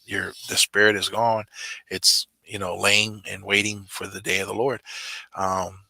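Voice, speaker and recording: An earnest man recounts a personal story in casual conversation, full of fillers and restarts. His voice sits low but has a very bright, edgy timbre. The sound is close and dry. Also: level tone, measured pace, vocal fry, dry recording. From Samoan. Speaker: channel member guest. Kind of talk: casual video call chat.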